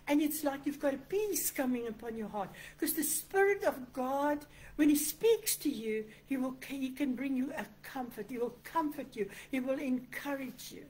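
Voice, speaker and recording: A woman's voice: high-pitched, animated, normal speed, darkish tone, rough recording. A woman pastor, preaching an online sermon in an earnest, conversational way, often voicing quoted prayers. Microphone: computer microphone.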